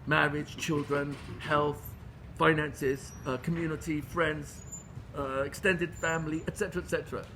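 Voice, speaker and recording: A man with an English accent gives a Torah class. His voice sits high and bright, and he speaks earnestly, repeating and restarting phrases, with a faint hiss behind him. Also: steady tone, normal speed. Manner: earnest, with many restarts and Hebrew terms. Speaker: rabbi teaching a class.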